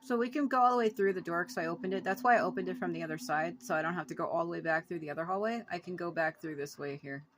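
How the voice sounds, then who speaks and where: A woman's voice: lowish voice, very fast, few pauses. A woman giving casual let's-play commentary as a gameplay video creator, blunt and swearing freely, yelping at jump scares, recorded on a phone.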